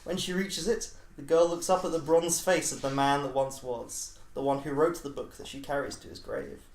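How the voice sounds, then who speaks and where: A man co-hosting a podcast who reads his own story in a measured storybook way. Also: a little high, steady tone. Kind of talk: scripted narration read aloud. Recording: echoey room mic.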